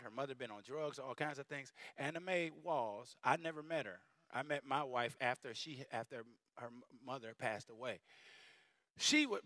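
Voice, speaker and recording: A middle-aged man preaching a sermon in a church, animated and storytelling, rising at times to shouting. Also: a little high, dry recording, clean studio sound. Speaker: bishop preaching. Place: church sanctuary.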